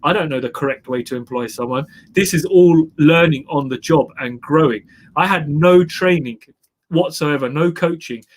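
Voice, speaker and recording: A man's voice: on the high side, moderate pace. A man who is a guest entrepreneur, telling his story in an emphatic interview style and repeating phrases for effect. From England.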